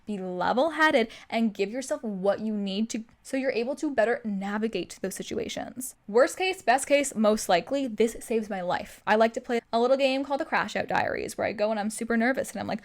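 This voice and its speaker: A young woman hosting a self-improvement show, giving animated motivational advice and acting out her own inner voice. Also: fairly high pitch, fairly quick, few pauses. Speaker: self-improvement podcast host.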